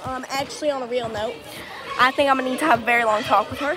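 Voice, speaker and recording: A woman with a high voice chats on a walking podcast, hamming up every complaint in a playful, mock-dramatic way. She is recorded outdoors on a busy street with plenty of crowd chatter behind her. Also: steady tone, fast talker, very noisy. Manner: playful, over-dramatic joking. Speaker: podcast co-host. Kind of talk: casual podcast chat while walking.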